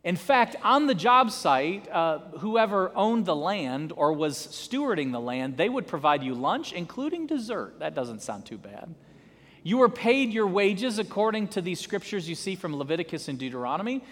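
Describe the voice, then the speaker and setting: Animated high-voiced male preacher. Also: moderate pace, long reverb tail. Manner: animated storytelling, dramatic emphasis. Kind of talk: sermon.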